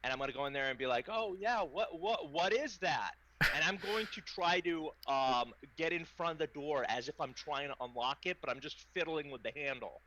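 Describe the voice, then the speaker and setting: A man playing a tabletop game, excitable and hamming up panic and comedy in character. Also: mid-range voice, brisk, few pauses, muffled recording, a crowd in the background. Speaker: player. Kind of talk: tabletop role-play.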